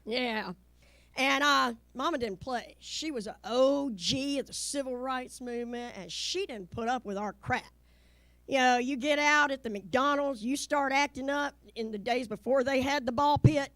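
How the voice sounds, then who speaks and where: A middle-aged Southern woman with a Southern accent performs a lively stand-up set on stage, doing voices for the people she quotes. Her voice is high-pitched and her pace normal, and the recording is dry.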